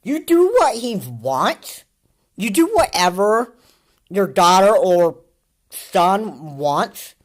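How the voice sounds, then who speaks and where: A woman's voice: medium pitch, sing-song, takes it slowly. A woman giving casual commentary over video clips, rambling and repeating her points with many fillers.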